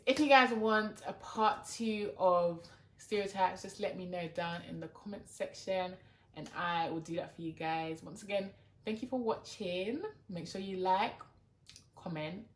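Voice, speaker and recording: A woman's voice: on the low side, a little slow. Exasperated young London woman, roomy echo. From London, England. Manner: exasperated, talky, leans on "like". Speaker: YouTuber. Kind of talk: casual chat to camera.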